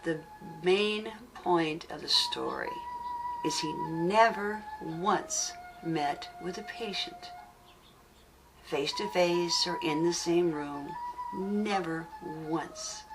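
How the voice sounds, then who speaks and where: A woman with a low voice gives a spiritual teaching for an audio CD. She speaks slowly and earnestly, leaning on key words and repeating them as she tells the story. She sits a little away from the mic, with music playing underneath. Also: wildly swooping pitch, recorded from a distance, rough recording.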